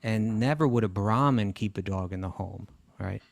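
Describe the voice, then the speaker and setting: Brief: a male co-host with a low, gravelly voice, relaxed and teasing, dry close mic. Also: normal speed, dry recording. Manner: teasing, laughs easily. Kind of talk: casual chat.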